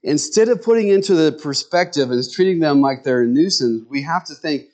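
A middle-aged man preaching a sermon in a folksy, conversational way, full of rambling asides, jumping up in pitch when he acts out what others say. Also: animated, brisk, darkish tone. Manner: jumps to high pitch when acting out others' words. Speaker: pastor.

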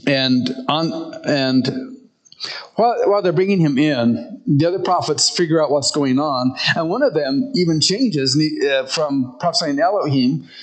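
A man preaching a conversational sermon, retelling a story in a relaxed way and often restarting his sentences. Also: fairly high pitch, measured pace, rough recording.

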